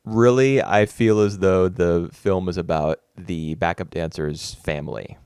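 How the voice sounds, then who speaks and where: A man co-hosts a casual film review podcast in a low, slightly mellow, clear and resonant voice at a measured pace. He's thoughtful but rambling, full of fillers and restarts. The clean studio recording has no echo.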